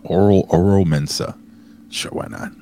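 A man co-hosting a wrestling review podcast in casual banter, blunt, profane and excitable. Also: deep voice, a little slow. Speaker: podcast co-host.

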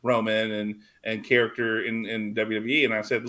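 A middle-aged man co-hosting a wrestling podcast, talking in an animated, casual way and swearing now and then. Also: lowish voice, moderate pace. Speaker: podcast co-host.

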